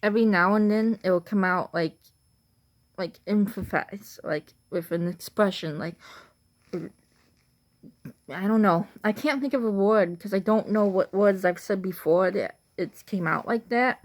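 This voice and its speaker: A woman's voice: mid-range voice, unhurried. Young woman, Illinois accent, chatty casual vlogger, rambling and full of fillers. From Illinois, USA.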